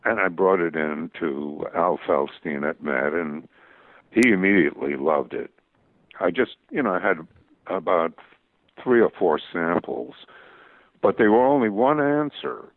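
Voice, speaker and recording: Low gravelly older man, phone-like audio. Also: lively intonation, dry recording. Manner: halting, full of restarts and fillers. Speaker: guest cartoonist. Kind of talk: interview storytelling. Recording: tinny phone-like radio audio.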